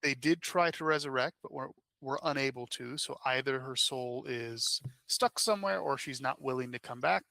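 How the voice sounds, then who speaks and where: A man recaps his group's last session in a wry, chatty voice. The voice is gravelly and bright, and the recording sounds dry and close. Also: mid-range voice, normal speed, hardly any pauses, dry recording. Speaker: player. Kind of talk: casual chat recapping a game.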